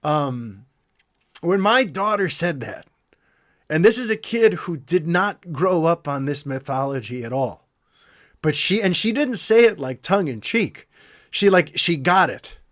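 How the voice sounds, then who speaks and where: A middle-aged man hosting a podcast, telling a heartfelt story in an animated, emotional way, with quick asides. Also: a little high. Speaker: podcast host. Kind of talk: casual podcast monologue.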